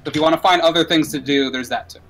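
A man running a tabletop game as dungeon master, with a fairly high voice. He tells the story loosely, with plenty of fillers and restarts. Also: racing, fairly bright tone, low-quality recording.

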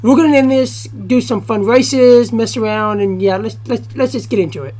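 A young woman commentating a racing game from her college dorm room. She keeps her voice quiet but breaks into profane, excitable outbursts. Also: a little high, moderate pace. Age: young adult. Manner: talking quietly. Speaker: gaming YouTuber. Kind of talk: gameplay commentary.

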